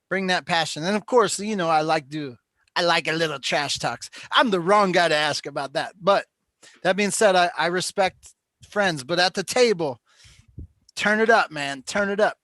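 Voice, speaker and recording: Casting note: high-pitched male host, chatty and rambling, close dry sound. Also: a bit bright, dry recording. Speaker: host of a call-in show. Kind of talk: casual chat.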